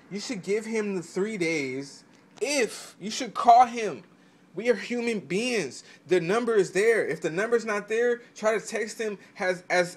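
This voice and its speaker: High-voiced man ranting profanely. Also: slightly rough. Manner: heated, profane, stammering with frequent restarts; swings into loud mock-quoted outbursts. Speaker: vlogger giving selling advice.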